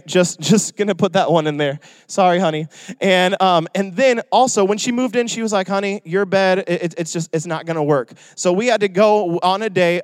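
A man's voice: sits high, clear, resonant tone, no echo. A young adult man preaching a sermon in a joking, conversational way. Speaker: pastor.

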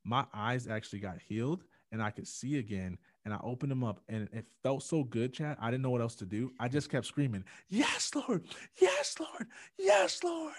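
A man's voice: mid-range voice, brisk, hardly any pauses, no room sound, clean studio sound. A man, a podcast guest, telling a personal story in earnest and acting out the quotes with rising intensity. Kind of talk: personal testimony in a podcast interview.

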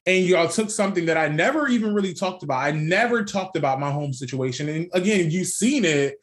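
Young male podcast co-host, candid storyteller, slightly high voice, swears, laughs often. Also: lively intonation, fairly quick. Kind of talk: casual chat.

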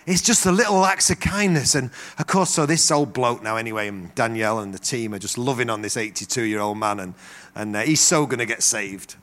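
Lively preacher telling stories. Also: male voice, medium pitch, a little fast. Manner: animated storytelling with acted-out quotes. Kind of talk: sermon.

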